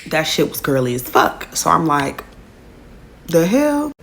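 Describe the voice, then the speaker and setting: A woman's voice: low-pitched, steady tone, normal speed, vocal fry, a bit bright, slight background noise. A young woman telling a casual storytime, slangy and loose, filling her speech with "like" and "whatever".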